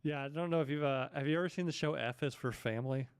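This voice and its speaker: A man's voice: a little high, fast talker, clean tone, no room sound. A man hosting a casual podcast, laid-back and joking with crude banter. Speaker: podcast host.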